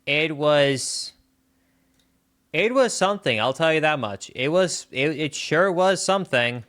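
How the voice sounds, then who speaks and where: A man's voice: on the high side, lively intonation, a little slow, a bit bright. A young man, a streamer telling a story in casual chat, rambling with lots of fillers. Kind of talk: casual chat while gaming.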